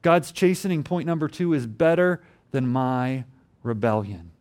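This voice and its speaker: A young adult man preaching a sermon earnestly, rising to emphatic peaks and then dropping low. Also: animated, measured pace, a little mellow. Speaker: pastor.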